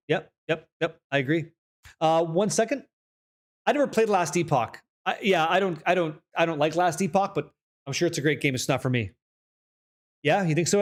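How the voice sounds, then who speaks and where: A young man streaming a game, chatting casually with viewers, reading patch notes aloud and swearing freely when excited. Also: fairly high pitch. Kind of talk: casual live-stream chat.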